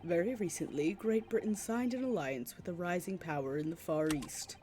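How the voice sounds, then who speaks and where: A woman's voice: fairly low pitch, normal speed, dark tone, slight background noise, close to an everyday voice. A woman voicing a cold, haughty male British prosecutor in a game, lofty and formal in her delivery.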